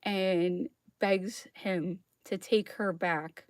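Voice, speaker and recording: A woman's voice: fairly low pitch, steady tone, extremely slow, a little mellow, dry recording, studio quality. A woman hosting an astrology show in a casual monologue, chatty, laughing often and keeping her listeners with her by asking "okay?". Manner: chatty, keeps checking in with "okay?"; laughs often while talking.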